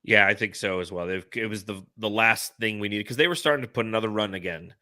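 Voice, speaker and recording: A man's voice: fairly low pitch, quick pace, pushed and bright, no room sound, clean studio sound. A man hosting a casual sports podcast, joking around and sometimes slipping into a put-on cowboy drawl. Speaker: podcast host.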